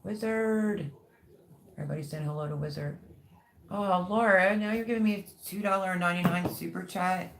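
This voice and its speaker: A woman hosting a casual livestream, chatting and reading viewer comments aloud with warm, gushing thanks. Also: fairly low pitch, steady tone, racing, vocal fry, hardly any pauses, slight background noise. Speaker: livestream host.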